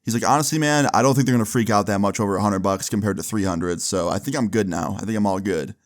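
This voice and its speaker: Young guy telling a storytime, kinda low voice, lots of bro and like, plays both sides of the calls. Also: quick pace. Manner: slangy, animated retelling, acts out both sides of phone calls. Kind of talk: casual storytime narration.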